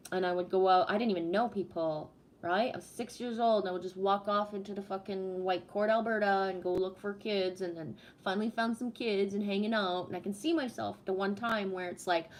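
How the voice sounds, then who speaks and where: Animated, swearing woman livestreamer. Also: mid-range voice, normal speed. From Canada. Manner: animated storytelling with heavy swearing. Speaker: livestream host. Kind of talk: casual livestream chat.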